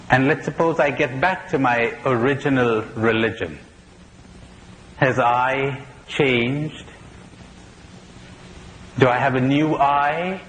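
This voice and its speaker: A man's voice: medium pitch, a bit bright. A priest giving a spiritual conference talk, asking probing questions and telling jokes he laughs at himself, on an old tape recording. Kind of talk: spiritual lecture to an audience. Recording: old conference tape in a reverberant hall with faint hiss.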